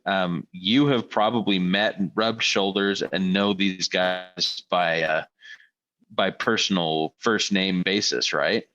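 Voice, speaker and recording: A man hosting a podcast, asking questions in a relaxed, encouraging way. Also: fairly low pitch. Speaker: podcast host. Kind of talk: casual interview. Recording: dull lo-fi audio.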